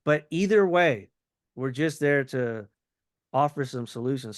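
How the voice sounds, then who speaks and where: A man with a slightly high voice coaches someone through a sales pitch, playing both sides of the exchange to show the phrasing. He keeps it loose and conversational. The recording is dry and close. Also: lively intonation, moderate pace, no echo.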